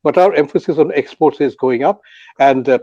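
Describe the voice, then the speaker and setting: Older man, halting, muffled call audio. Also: on the high side, warm tone, no room sound. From Bangladesh. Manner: halting, many fillers and restarts. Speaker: panel speaker. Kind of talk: unscripted commentary on an online audio panel.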